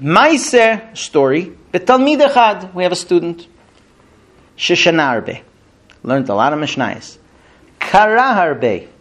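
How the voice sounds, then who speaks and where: A man's voice: on the high side, sing-song, measured pace, fairly bright tone. A man teaching a Talmud class to students, telling a story animatedly and acting out the quotes. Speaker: Torah teacher.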